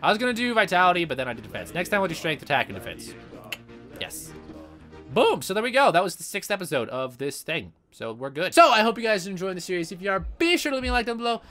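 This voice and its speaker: Excitable, profane young gaming YouTuber. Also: male voice, high voice, fast, faint music behind. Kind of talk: let's play commentary.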